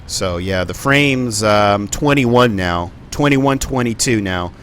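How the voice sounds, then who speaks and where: A man's voice: fairly low pitch, slow pace, a bit bright, a little hiss or hum. A man giving live stream commentary on a flight simulator, rambling and thinking aloud with plenty of ums and uhs.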